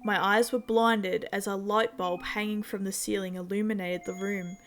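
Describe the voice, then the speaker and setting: A woman's voice: medium pitch, faint music behind. Woman narrating a horror story. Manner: measured, steady storytelling.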